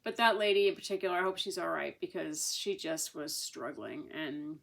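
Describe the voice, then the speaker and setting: A woman's voice: low voice, normal speed, creaky, fairly bright tone. A woman, casually telling a long personal story to camera in a chatty, rambling way. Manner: chatty, rambling with many restarts and fillers. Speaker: vlogger sharing a patient's experience.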